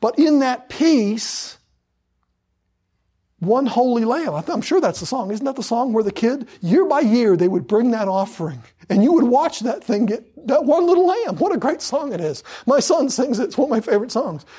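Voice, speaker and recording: A man's voice: very high-pitched, very animated, moderate pace, warm tone, breathy edge. A man preaching a sermon with fervor, hammering points through repetition and drawing out scripture for emphasis.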